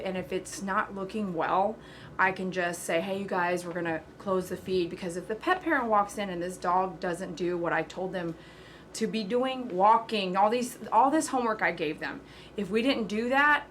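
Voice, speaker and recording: A woman pet groomer hosting a casual livestream, talking loud and chattily to her viewers and pitching a sale. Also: a little hiss or hum. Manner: loud, talkative.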